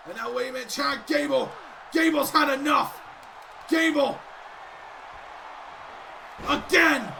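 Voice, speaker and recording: A man doing excitable play-by-play commentary of a wrestling video game, keeps breaking off with sudden interruptions. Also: very high voice, slow, creaky, long pauses, shouting, a faint crowd, slight background noise.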